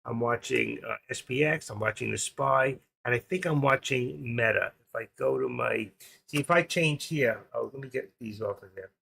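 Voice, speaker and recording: This is an older man whose voice is heavily gravelly and husky. He hosts a live trading stream in a rambling, joking way, often thinking aloud as he works. The pitch sits at an ordinary middle level. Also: normal speed, sharp tone. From New York. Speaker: stream host, trader. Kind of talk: casual live-stream chat.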